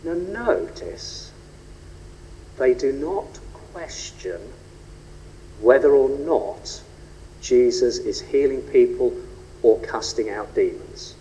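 A man preaching a sermon, rhetorical and animated, rising and falling for emphasis. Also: muffled recording, a little hiss or hum. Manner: animated, rhetorical, shifts pitch and pace for emphasis. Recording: long reverb of a large hall.

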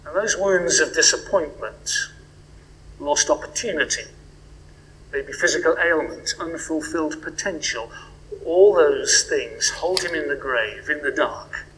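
A man delivering a sermon with a slightly higher-than-usual voice. He talks reflectively, dropping to hushed questions and then rising into emphatic swells. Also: unhurried, slight background noise, low-quality recording. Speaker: preacher.

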